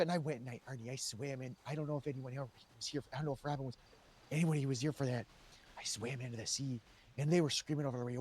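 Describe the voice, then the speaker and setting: A man speaking in character as a police officer, telling a long story in an animated way and raising his voice when he quotes people. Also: medium pitch, racing, slightly rough. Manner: animated, raises voice when quoting others. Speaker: role-play player as police officer. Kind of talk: in-character role-play storytelling.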